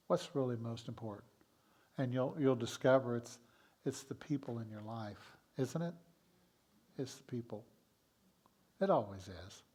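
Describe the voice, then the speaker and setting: A man giving a sermon as minister in a church, speaking in a gentle, encouraging way. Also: medium pitch, husky. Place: church sanctuary.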